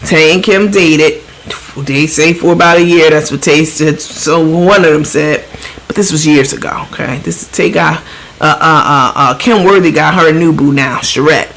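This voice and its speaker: A woman's voice: low voice, normal speed, a bit bright, rough recording. A woman hosting a casual gossip commentary show, blunt and profane, mocking the people she talks about and mimicking their voices. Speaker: show host.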